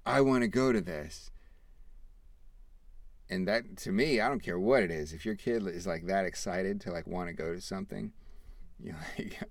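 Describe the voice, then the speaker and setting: A man in his thirties hosting a podcast, telling a family story in a rambling, animated way, acting out the quoted dialogue. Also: low-pitched, dry recording. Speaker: podcast host. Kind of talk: casual storytelling.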